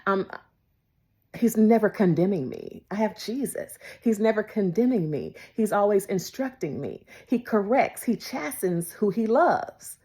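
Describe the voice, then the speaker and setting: A woman preaching a devotional sermon, emphatic and repetitive, moving between loud declarations and hushed whispers. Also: mid-range voice, animated, measured pace. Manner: repeats phrases for emphasis.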